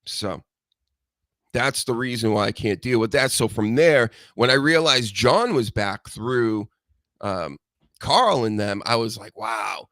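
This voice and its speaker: A man's voice: mid-range voice, lively intonation, takes it slowly, a bit bright, no room sound. A man in a medium register hosts a loose podcast conversation, speaking bluntly and rambling from one opinion to the next. His voice sounds close and dry, with no room around it. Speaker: host. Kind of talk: casual podcast chat.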